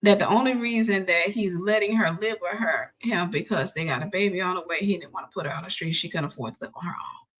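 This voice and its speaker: A woman host telling a personal story in an animated way, laughing and acting out the voices of the people in it. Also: on the low side, quick pace.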